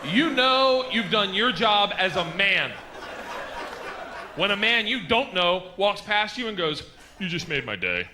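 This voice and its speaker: A man doing a stand-up set, telling stories loudly with shouted bits, on a noisy live stage recording. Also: sits high, takes it slowly. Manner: loud, rowdy storytelling with shouted bits. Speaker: stand-up comedian.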